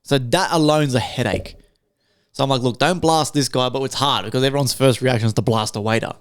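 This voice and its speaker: A podcast co-host who talks in short, blunt bursts and swears as he tells his story. His voice comes across smooth and clear. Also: medium pitch, quick pace, no room sound, clean studio sound. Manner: blunt, clipped and swearing when telling a story. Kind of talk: casual chat.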